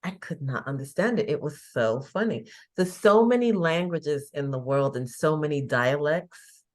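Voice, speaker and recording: A woman in her fifties from England talks in a low, full voice. She is a chatty guest who tells stories and laughs easily. Her tone is relaxed and conversational. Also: normal speed. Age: 50s. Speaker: guest, faith coach. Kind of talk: casual interview chat.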